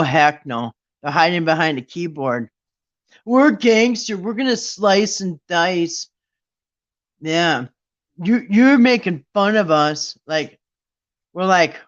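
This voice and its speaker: A man's voice: high-pitched, a bit bright, muffled recording. A man hosting a casual live stream, talking in an indignant, mocking way and rambling with restarts. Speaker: livestream host.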